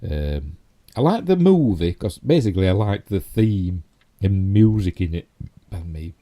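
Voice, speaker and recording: A man's voice: low voice, expressive, moderate pace, warm tone. A middle-aged man with a Yorkshire accent, hosting a casual live stream and rambling chattily with self-mocking asides. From Yorkshire, England. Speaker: YouTube host.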